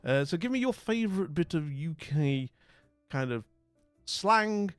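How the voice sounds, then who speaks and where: A man's voice: fairly high pitch, animated, unhurried, clean tone, no echo. Chatty man streaming over faint music. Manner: rambling, chatty, lots of fillers and restarts. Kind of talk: casual chat with viewers' comments.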